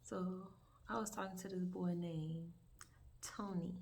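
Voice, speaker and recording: A woman's voice: fairly low pitch, slow, vocal fry. Young woman, rambly cussing storytime, faint hiss in the back. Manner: rambling, profane, animated storytelling with many asides. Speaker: vlogger telling a story. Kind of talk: casual storytime vlog. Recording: distant mic, faint background hiss.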